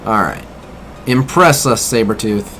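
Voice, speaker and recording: In an unhurried, fairly low voice, a man streams a mobile game against a noisy background. He keeps things conversational, points out what he doesn't like and responds to chat.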